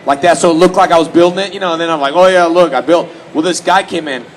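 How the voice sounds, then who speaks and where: The audio is poor, with slight background noise, as a fairly high-pitched man talks fast. This late-thirties-ish Houstonian is a convention panel guest who casually tells fans joking stories, animated and frequently using mock voices for quoted lines.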